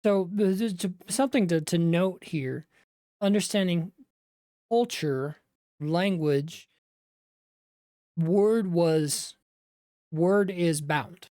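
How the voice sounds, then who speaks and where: Woman, bible teacher, low voice, casual retelling of scripture, conversational asides, dry close sound. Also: takes it slowly, pauses often, mellow, no room sound.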